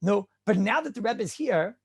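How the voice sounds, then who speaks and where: A middle-aged man giving an animated halacha lecture full of rhetorical questions and Yiddish-laced terms. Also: high-pitched, moderate pace, slightly rough. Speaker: rabbi teaching halacha.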